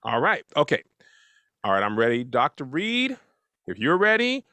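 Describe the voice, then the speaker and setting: A man's voice: medium pitch, wildly swooping pitch, normal speed, pushed and bright, no echo. Playful man hosting a talk show. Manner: playful, loose, joking. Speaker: host.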